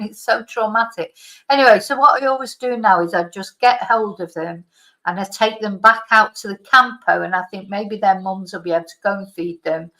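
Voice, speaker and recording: Woman vlogger, bright tone, chatty rambling storyteller, home setup. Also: on the high side, poor audio. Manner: rambling, digressive, with many asides. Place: at home by a computer.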